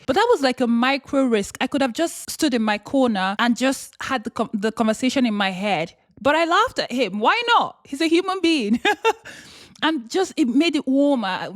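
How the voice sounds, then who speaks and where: Animated young woman vlogger, dry close sound. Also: a little high, no room sound. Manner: animated, bursts into exaggerated excited voices and laughter. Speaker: lifestyle vlogger. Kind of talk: casual motivational monologue.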